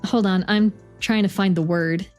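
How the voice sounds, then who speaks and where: A woman's voice: medium pitch, steady tone, normal speed, darkish tone, faint music behind, close to an everyday voice. A woman voicing a newly awakened space probe that talks hesitantly and awkwardly.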